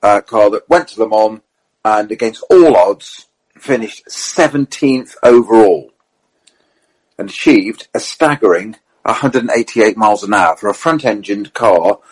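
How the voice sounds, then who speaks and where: A man telling motorsport anecdotes in casual, animated chat, full of fillers and asides. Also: on the low side, unhurried, slightly rough, rough recording. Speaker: motorsport storyteller on a panel. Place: at a racing circuit event.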